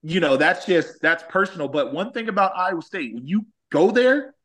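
A man's voice: sits high, normal speed. A man from Los Angeles, a former college athlete, telling stories in a casual chat and acting out quotes. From Los Angeles, California. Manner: animated, acts out quotes, says "like" often.

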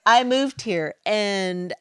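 A woman's voice: mid-range voice, drawn-out words, clean tone, no room sound, clean studio sound. A woman co-hosting a casual chat, telling stories animatedly and acting out quotes. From Washington State, US. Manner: animated storyteller, acts out quotes. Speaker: podcast co-host.

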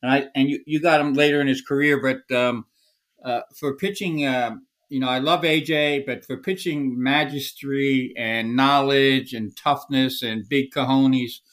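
A man hosting a podcast interview, asking his questions haltingly with many 'uh's and 'um's. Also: mid-range voice, steady tone, a bit bright. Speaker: podcast host.

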